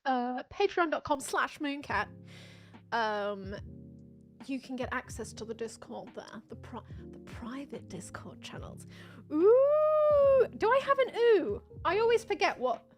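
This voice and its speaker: A woman's voice: sits high, very animated, unhurried, soft background music. A young woman chatting casually on a livestream, rambling and self-deprecating, laughing often. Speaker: streamer.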